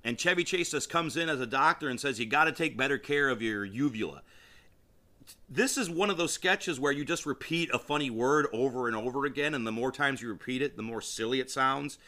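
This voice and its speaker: A man talks on his own podcast in a loose, enthusiastic ramble. His voice is bright and forward, and he often breaks off mid-sentence to start over. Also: mid-range voice, brisk, hardly any pauses. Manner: rambling and enthusiastic, with frequent restarts. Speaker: podcast host. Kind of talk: casual solo podcast commentary.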